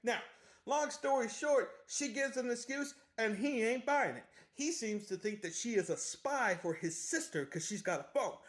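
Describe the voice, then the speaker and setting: A man's voice: extremely high pitch, expressive, moderate pace, a bit bright. A man giving a casual, joking book recap with chatty asides. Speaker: book summary host.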